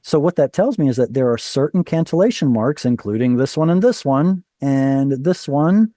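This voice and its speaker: A man with a mellow, warm tone leads an online class over a video call. He explains step by step, puts questions to his students and corrects himself as he goes. His voice is close and dry. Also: mid-range voice, lively intonation, moderate pace, dry recording. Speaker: Hebrew teacher.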